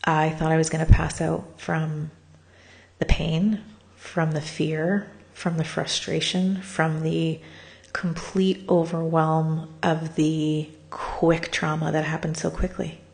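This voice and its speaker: A middle-aged woman vlogger shares a personal story in a raw, confessional monologue, her voice low, gravelly, darkish and slow with little pitch movement. She's candid and swears freely, worn out from crying, laughing through the pain and sometimes dropping to a whisper.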